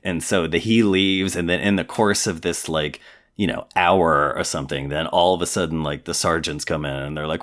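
A man's voice: sits low, fairly even intonation, moderate pace, a bit bright. A man co-hosting a podcast in casual chat, telling a long story and filling his speech with "like". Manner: rambling storyteller, fills speech with "like".

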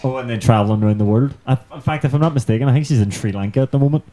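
A man's voice: medium pitch, very fast, warm tone. A man with a Belfast accent, hosting a casual podcast chat, chatty, laughing often and swearing freely. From Northern Ireland. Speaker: podcast host.

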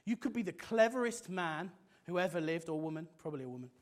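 A man delivers a sermon in a notably high voice for a man. He preaches with passion, rising to loud exclamations and then dropping to a hushed intensity. His voice lifts and falls all through the message. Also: expressive, fast.

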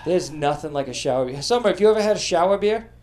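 A man's voice: on the high side, animated, fast, a little mellow. A man hosting a podcast, telling comedic history stories with a profane, joking delivery. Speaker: podcast host.

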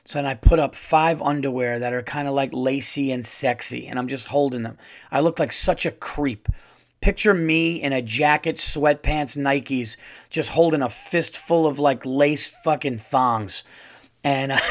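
A man's voice: medium pitch, normal speed. A male comedian hosting a podcast, telling a rambling, self-deprecating story with stammers and restarts. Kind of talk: casual storytelling.

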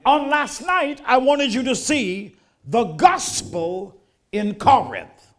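A man's voice: very high-pitched, animated, slow, a bit bright. An older man, preaching a sermon in a folksy manner that rises to emphatic declarations.

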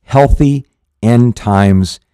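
A man's voice: mid-range voice, extremely slow, warm tone, clean tone, no room sound. Earnest pastor man, dry close sound. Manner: earnest, rambling with frequent restarts and fillers. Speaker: pastor and show host. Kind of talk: conversational Bible teaching.

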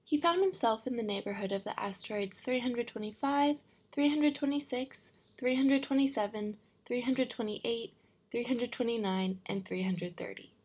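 A woman narrating a children's storybook chapter in a measured, storytelling manner. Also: on the high side, a little mellow, breathy edge. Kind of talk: audiobook reading.

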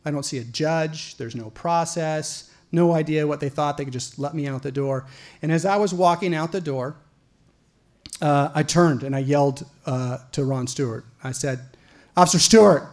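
A middle-aged man telling a personal story live, wry and animated, rising to loud outbursts. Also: on the high side, moderate pace.

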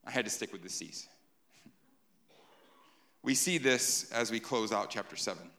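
A man's voice: lowish voice, measured pace, bright, forceful tone. A man preaching a sermon in a conversational way, often checking in with the listeners by asking "right?". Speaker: pastor.

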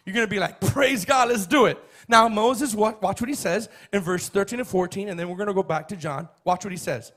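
A man preaching a sermon, emphatic and repetitive, building up to shouts. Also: sits high, fast talker, hardly any pauses. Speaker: pastor.

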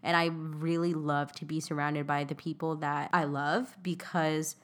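A young adult woman co-hosting a casual chat, candid and quick, often laughing. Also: low-pitched, flat delivery. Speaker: podcast co-host.

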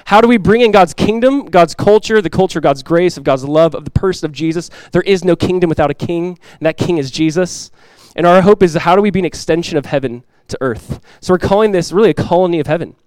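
Pastor guy preaching, kinda high voice, earnest, dry close sound. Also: fast, hardly any pauses, clear, resonant tone, no room sound, poor audio. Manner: earnest, animated storytelling. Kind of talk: sermon.

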